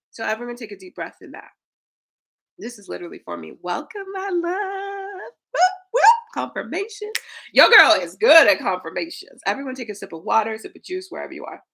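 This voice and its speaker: A woman in her thirties, a spiritual coach giving an energetic, preachy livestream talk to her viewers, swearing casually. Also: fairly high pitch, vocal fry.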